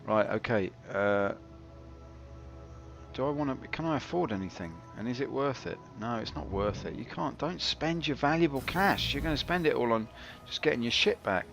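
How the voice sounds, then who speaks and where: A man's voice: mid-range voice, lively intonation, normal speed, gravelly, fairly bright tone. Wry man streaming a game. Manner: wry, self-mocking, chatty. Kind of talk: casual live-stream commentary. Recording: slightly dull stream audio with faint game music.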